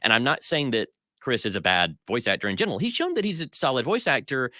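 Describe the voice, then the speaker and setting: A man's voice: mid-range voice, big pitch swings, fast, bright, forceful tone, dry recording. A man co-hosting a casual pop culture podcast, giving opinionated critiques at length with plenty of fillers. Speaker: podcast co-host.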